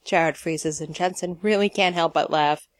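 A woman narrating a piece of fiction in a steady storytelling manner. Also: sits low, normal speed, no echo. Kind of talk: audiobook reading of fiction.

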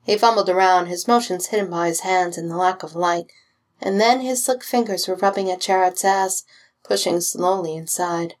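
A woman reading fan fiction aloud with steady, expressive storytelling. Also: fairly low pitch, moderate pace. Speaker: reader.

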